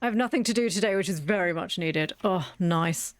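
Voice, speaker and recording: A woman's voice: lowish voice, fairly quick, no room sound. A woman chatting through a game, wry and self-mocking, talking fondly to her in-game animals. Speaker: gaming video creator. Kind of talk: casual let's-play commentary.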